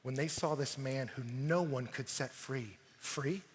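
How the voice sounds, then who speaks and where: A man preaching a sermon at a youth camp, telling stories with animated energy that rises to shouts. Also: mid-range voice, unhurried. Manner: animated storytelling, rising to shouts. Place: large arena at a youth camp. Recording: long arena reverb.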